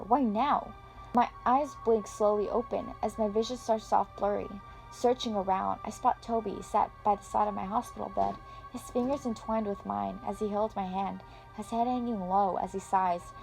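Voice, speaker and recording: A woman reads a first-person fan story aloud in a dramatic, expressive manner. Faint music plays softly behind her voice. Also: medium pitch, gravelly, poor audio. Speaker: story reader.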